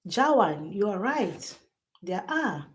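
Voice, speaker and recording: A woman's voice: mid-range voice, sing-song, very slow. Emphatic woman livestreaming. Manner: emphatic, repeats phrases, addresses chat directly. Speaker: livestream host. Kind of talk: live chat storytelling.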